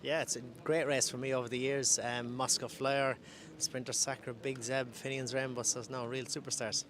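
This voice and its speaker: A man explains, calmly and in measured terms. He speaks as a former jockey in an outdoor parade ring. Faint outdoor noise hums behind. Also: mid-range voice. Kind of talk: interview.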